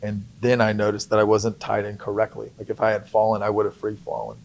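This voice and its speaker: A man's voice: on the low side, fast, creaky, faint music behind. A young man chatting as a guest on a podcast, jokey and playful, laughing often. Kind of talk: casual podcast chat.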